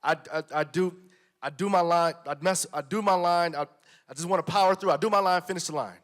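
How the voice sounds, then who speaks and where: A man's voice: high-pitched, brisk, a bit bright. Man telling a casual story about being on set. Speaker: actor on a panel. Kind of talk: casual conversation.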